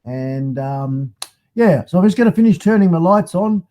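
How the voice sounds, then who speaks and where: A man's voice: sits high, lively intonation, moderate pace, mellow. An Australian man hosting a casual live stream, chatty and matey as he greets viewers by name. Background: faint music.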